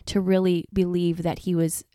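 A woman in her forties, chatty and laughing often, telling personal stories in a relaxed podcast monologue. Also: fairly low pitch, moderate pace, no echo, clean studio sound. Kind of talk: casual personal storytelling.

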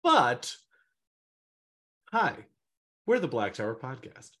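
A man's voice: medium pitch, wildly swooping pitch, slow pace, a bit bright. A man hosting a casual podcast, talking in a rambling, easygoing way. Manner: rambling, with fillers and laughs. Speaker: podcast host.

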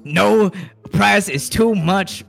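A narrator voicing a flirtatious male cowboy gunslinger, speaking in a slow, low, gallant drawl. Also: vocal fry, fairly bright tone, faint music behind, full character voice.

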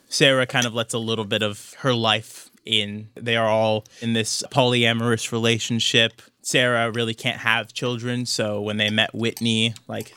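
Bright-voiced game master narrating a tabletop game. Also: male voice, medium pitch, a little hiss or hum. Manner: descriptive, conversational, with frequent "like" and "kind of".

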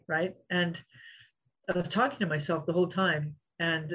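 This is a storytelling interview with a middle-aged woman, once a fighter, who acts out quotes, laughs frequently and tells her stories with animation. Her lowish, slightly rough voice moves at a moderate pace, and the recording is rough.

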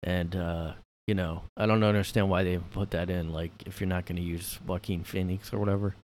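Low-voiced man ranting casually. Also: flat delivery, brisk, darkish tone. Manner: rambling, sarcastic, full of fillers and swearing. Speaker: podcast host. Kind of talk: casual solo rant. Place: his own room.

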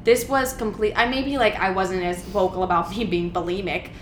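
A young woman talks candidly in a casual podcast chat, telling her story in an animated ramble. Her voice sits in a middle range. The room is echoey with a faint hiss behind her. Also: medium pitch, normal speed. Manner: chatty, frequent "like", animated retelling.

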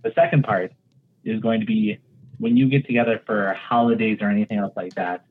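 A man's voice: on the low side, fairly quick, slightly rough. A man with a Wisconsin accent, a podcast guest, explaining things patiently and step by step. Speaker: guest realtor. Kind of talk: casual podcast chat. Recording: tinny phone-like line.

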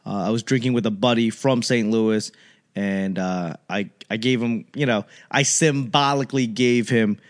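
A man hosting a casual solo chat, rambling and animated, with lots of fillers and restarts. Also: fairly low pitch, normal speed.

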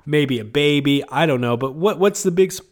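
A man's voice: on the high side, a little fast. A man hosting a podcast in casual chat, talking with a sick, congested voice and rambling with many fillers and chuckles. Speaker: podcast host.

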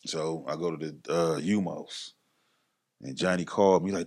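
A middle-aged man telling his story casually as a podcast guest, acting out other people's lines in a raised voice. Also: moderate pace. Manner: animated, acts out others' lines in a higher voice.

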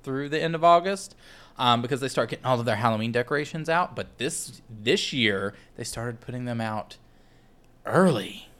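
A man's voice: mid-range voice, expressive, moderate pace, a bit bright. Male podcast co-host, casual, rambling, laughs easily. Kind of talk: casual chat.

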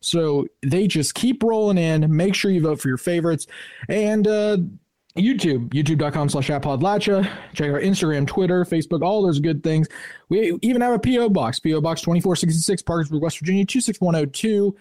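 A man's voice: fairly high pitch, brisk, mellow, dry recording, studio quality. A man co-hosting a podcast, reading announcements in a chatty, joking way over a video call. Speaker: podcast co-host.

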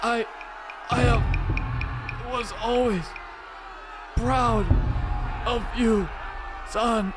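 A man playing a dying father who gasps out his last words in halting bursts, in a comedy sketch. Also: very high-pitched, fairly even intonation, over music, crowd noise, full character voice. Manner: halting, gasping.

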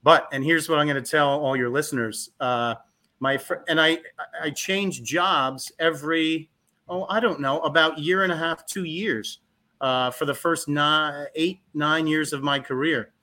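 Guest, man in his fifties, animated storyteller, brightly toned voice that trips over its own words. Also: a little high, measured pace. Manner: animated, with frequent restarts and repeated words. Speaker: guest, physical therapist. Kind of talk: casual interview storytelling.

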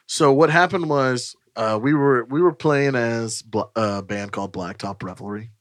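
A man's voice: mid-range voice, normal speed, dry recording. Joking, profane man in dry studio. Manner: loud, profane, jokey, trips over words. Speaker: musician guest. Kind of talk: casual podcast chat.

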